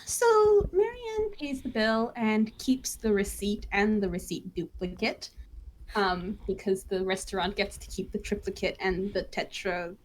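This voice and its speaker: A woman's voice: mid-range voice, expressive, unhurried. A woman guest player narrating her character in a tabletop game, rambling and enthusiastic.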